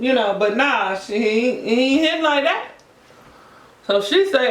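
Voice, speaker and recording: A woman, chatting to viewers in a sassy, animated, gossipy way while eating on camera. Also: high-pitched, moderate pace. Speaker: mukbang vlogger. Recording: echoey room.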